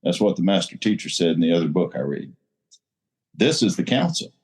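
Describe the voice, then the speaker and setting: Blunt deep-voiced man. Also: sing-song, a little fast. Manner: blunt, salty, preacher-like emphasis. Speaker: recovery meeting speaker. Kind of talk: casual recovery group talk.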